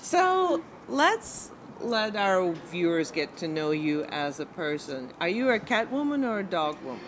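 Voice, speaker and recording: A woman's voice: fairly low pitch, sing-song, unhurried, slight background noise. A woman hosting an interview, asking playful questions and joking with her guest. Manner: playful, laughing, upbeat questions. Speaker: interview host. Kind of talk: casual interview chat.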